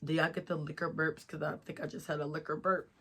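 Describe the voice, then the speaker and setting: A woman's voice: deep voice, flat delivery, quick pace, fairly bright tone, husky. A young woman telling a story to her viewers in a chatty, giggly way, a little tipsy and stuffy-nosed. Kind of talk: casual storytime vlog.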